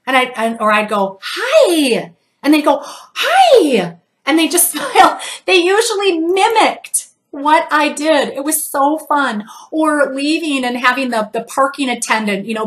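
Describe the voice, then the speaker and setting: A woman's voice: high-pitched, fairly bright tone. A middle-aged woman giving an upbeat motivational talk, acting out little everyday exchanges as she goes. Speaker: motivational speaker.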